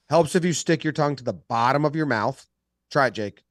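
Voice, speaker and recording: A man co-hosting a sports podcast, bantering in a joking, lively way and poking fun at accents. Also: a little high, brisk, no echo, studio quality. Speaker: podcast co-host.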